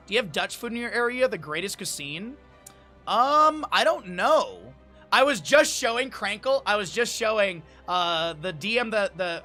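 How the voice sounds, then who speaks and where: A man from the Lake Tahoe area of the United States streams with a high, bright, forceful voice. He chats casually with his chat, laughs often, and reads aloud from a menu.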